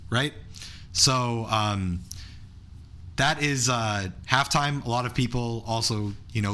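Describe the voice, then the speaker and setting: Bright-voiced man teaching beatboxing. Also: on the low side. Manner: counts beats aloud and breaks into beatbox sounds; enthusiastic, loose, restarts often. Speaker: beatboxing instructor. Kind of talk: online workshop teaching.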